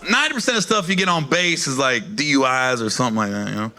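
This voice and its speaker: A man's voice: mid-range voice, lively intonation, quick pace, bright, forceful tone. A man performing stand-up comedy, telling a profane story and laughing between his lines.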